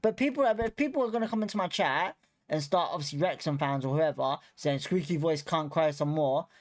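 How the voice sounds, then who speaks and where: A young man rants after a match as the host of a fan watchalong stream. He swears constantly and circles back on the same points in blunt, frustrated bursts. He keeps telling himself to stay calm and then flares up again. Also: a little high, a little fast. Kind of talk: heated post-match fan rant.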